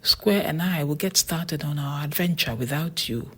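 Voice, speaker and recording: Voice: mid-range voice, normal speed, bright, forceful tone, slightly rough. An audiobook narrator voicing a boy twin who leads his friends and bargains firmly. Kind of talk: storybook character voice.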